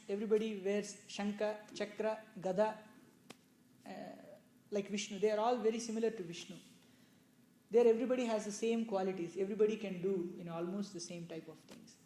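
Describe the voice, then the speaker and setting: A mellow, soft-edged male voice explains old scripture in an easygoing, unhurried way, leaning on casual asides. The sound rings a little off the walls of an indoor room, with a faint hum underneath. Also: high voice. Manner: loose, explanatory, with many "you know" asides. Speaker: religious storyteller. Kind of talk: conversational scripture discourse with questions. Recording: echoey room.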